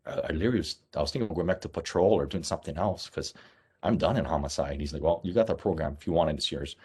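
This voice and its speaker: Brief: middle-aged cop from Hawaii, deep husky voice, rapid blunt storytelling. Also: male voice, darkish tone. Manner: candid, blunt storytelling with many "um"s and short clipped sentences. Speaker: police officer and guest speaker. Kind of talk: personal story told to an audience.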